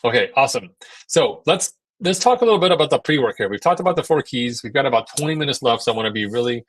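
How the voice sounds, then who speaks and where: A man's voice: mid-range voice, lively intonation, fast talker, a little hiss or hum. A man, an endurance coach, giving a casual seminar talk with lots of fillers and restarts, sometimes acting out voices in quoted asides. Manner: conversational, many fillers and repeated words.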